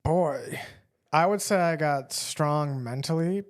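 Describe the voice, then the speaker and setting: A man in his twenties, a guest on a podcast, answering in a casual, relaxed way. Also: on the high side, slow. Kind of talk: casual chat.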